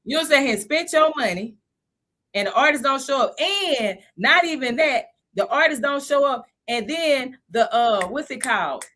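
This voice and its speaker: A lively woman hosts a casual live stream, talking to her viewers in a chatty, animated way. Her voice sits a little high and sounds bright and forward. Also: normal speed. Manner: animated, chatty, laughs often.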